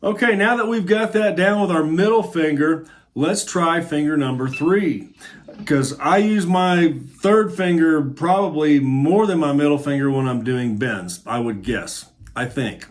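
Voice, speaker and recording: A man's voice: fairly high pitch, a little slow. A middle-aged man giving a casual guitar lesson, talking in a friendly, encouraging way and thinking aloud as he shows the moves. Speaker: guitar teacher. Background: guitar playing.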